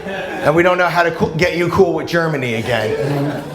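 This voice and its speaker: A man from New Jersey performing a stand-up comedy set in a comedy club, animated and breaking into shouted, high-pitched quotes. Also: normal speed, over a noisy crowd. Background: audience laughter.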